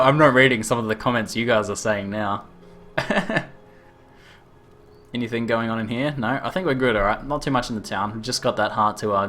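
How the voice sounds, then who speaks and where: A man's voice: fairly low pitch, sharp tone. A man casually commenting on his live gameplay, laid-back and chuckling as he chats with viewers. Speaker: streamer.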